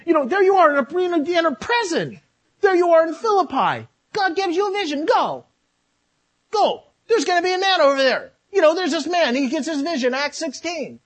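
Animated male preacher. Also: extremely high pitch, fairly quick. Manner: animated preaching, swings from loud to quiet; acts out quoted voices. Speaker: pastor. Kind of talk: sermon.

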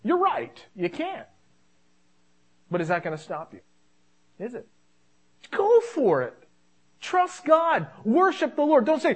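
A man's voice: very high voice, huge pitch swings, slow, long pauses, slightly rough. A man preaching a sermon in a conversational way, repeating phrases for emphasis.

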